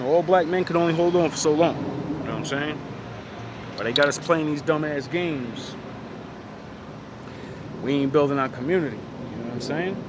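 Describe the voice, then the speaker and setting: A man's voice: a little high, noisy background. A man giving a blunt, profane, rambling opinion monologue outdoors by a street. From United States. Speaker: vlogger.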